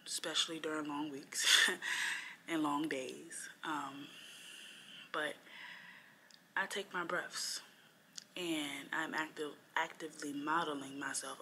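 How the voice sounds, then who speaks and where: Low-voiced young woman musing on teaching. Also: steady tone, takes it slowly, long pauses, bright, forceful tone, slight background noise. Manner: reflective, rambling with frequent fillers. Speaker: first-year teacher. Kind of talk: casual vlog chat.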